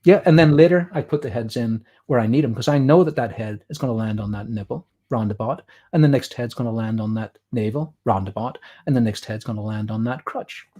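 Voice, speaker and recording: A man's voice: mid-range voice, brisk, hardly any pauses, warm tone, breathy edge. A man with an Irish accent, a guest artist chatting and explaining while he draws on a livestream. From Ireland. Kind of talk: drawing demo chat on a livestream.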